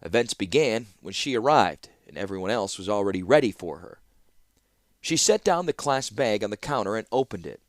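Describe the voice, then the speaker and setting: Lively low-voiced male audiobook narrator. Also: normal speed, no echo, studio quality. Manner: expressive, storytelling delivery.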